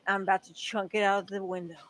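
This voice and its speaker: A woman's voice: medium pitch, level tone, fast, faint music behind. A woman guest on a live stream, talking bluntly and swearing heavily. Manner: blunt, annoyed, heavy swearing. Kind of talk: casual live stream chat.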